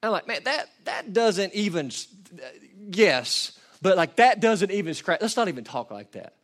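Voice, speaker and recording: A man preaching a passionate sermon, building from quiet reflection to shouted peaks. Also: high-pitched, very animated, normal speed. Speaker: pastor.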